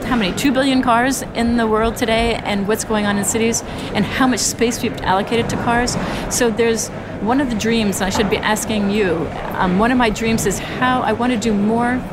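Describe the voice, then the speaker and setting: A woman's voice: fairly high pitch, fairly even intonation, moderate pace. A woman speaking earnestly as an interview guest, telling stories and restarting phrases as she talks outdoors on a city street. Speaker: interview guest, urban mobility advocate. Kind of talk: conversational interview. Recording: loud traffic noise outdoors.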